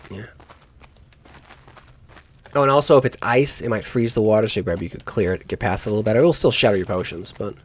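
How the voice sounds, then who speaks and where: A man's voice: fairly low pitch, fast, pauses often, a little hiss or hum. A man giving let's play commentary on a game, musing aloud in rambling asides and correcting himself as he goes. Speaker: gaming YouTuber.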